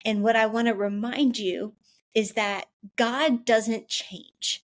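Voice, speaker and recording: A woman's voice: on the high side, slow pace. Chatty young woman podcast host. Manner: chatty and animated, many fillers like "like". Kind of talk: casual faith-based podcast talk.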